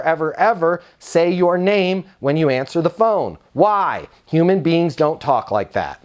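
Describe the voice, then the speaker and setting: Emphatic high-voiced man sales trainer. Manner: emphatic, repetitive, fired up. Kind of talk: energetic seminar teaching.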